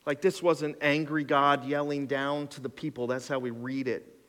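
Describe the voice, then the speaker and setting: A man's voice: mid-range voice, little pitch movement, normal speed, fairly bright tone. A male pastor preaching a sermon in a conversational, emphatic way, counting off numbered points, in a church sanctuary. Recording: long hall reverb.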